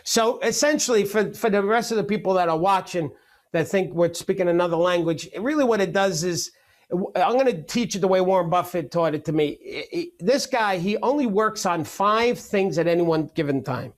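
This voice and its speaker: Brief: middle-aged male coach on a webinar call, high voice, fast joking delivery. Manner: energetic, joking, rapid-fire. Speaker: real estate coach. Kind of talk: webinar teaching.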